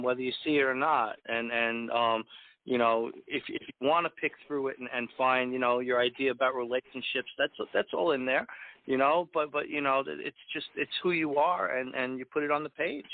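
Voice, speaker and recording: A man's voice: mid-range voice, no room sound, narrow, tinny audio. A man chatting casually on an online radio show, hesitant and repeating words. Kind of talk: casual chat.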